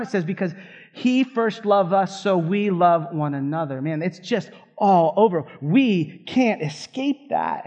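A man's voice: high voice, darkish tone, highs cut off. A man preaching a sermon in a fired-up, conversational way, full of asides to the congregation. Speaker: pastor.

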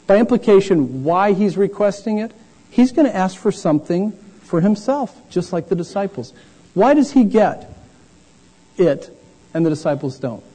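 A male preacher delivering a lively sermon, taking on the voices of the people in his story as he goes. His voice is fairly high for a man, husky and mellow. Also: moderate pace, poor audio. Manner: animated, acts out voices of the disciples and the blind man.

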